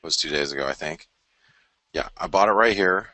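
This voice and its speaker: There's no echo on this deep, bright, forceful male voice, which moves a little fast. He runs a live trading webinar, walking through charts in a frank, rambling way and frequently breaking off mid-thought to start again.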